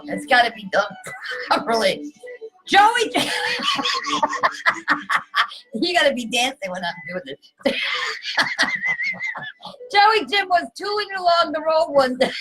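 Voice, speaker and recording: A woman's voice: high-pitched, rough recording. A woman hosting a casual holiday chat, joking and laughing as she talks, with music playing behind her. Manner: giggly, animated, keeps breaking into laughter. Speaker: host.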